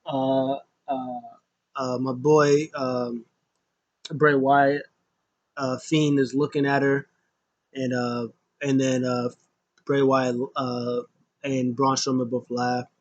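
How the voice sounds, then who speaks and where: A man's voice: medium pitch, slow pace, pauses often, dry recording, lo-fi sound. A man recapping a wrestling show in a casual, rambling way, full of ums and uhs. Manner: rambling, filler-heavy, animated.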